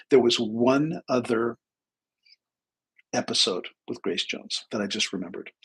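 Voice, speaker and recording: A man's voice: medium pitch, fairly bright tone, breathy edge, low-quality recording. A man in his sixties hosting a live talk stream, telling a rambling personal story full of asides and self-corrections. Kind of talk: casual anecdotal storytelling.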